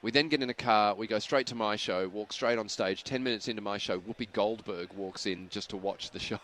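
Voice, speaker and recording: A man's voice: on the low side, fairly bright tone, slight background noise. A man with an Australian accent, a comedian chatting and telling stories as a radio guest. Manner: chatty storyteller, quick to laugh. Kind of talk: casual radio interview chat.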